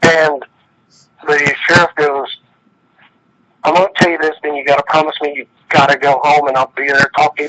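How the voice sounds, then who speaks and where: Man, casual phone-in storyteller, slightly higher voice, forceful delivery, plainspoken. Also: poor audio. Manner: plainspoken, retells dialogue with many "he said"s. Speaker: guest storyteller.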